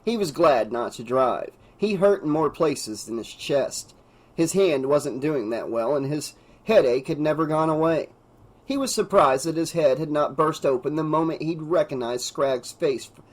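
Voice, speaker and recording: A man narrating a teen horror audiobook with a somewhat high voice. He reads with dramatic expression and lifts his pitch and volume whenever a character shouts. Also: rough recording. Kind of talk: unabridged audiobook reading.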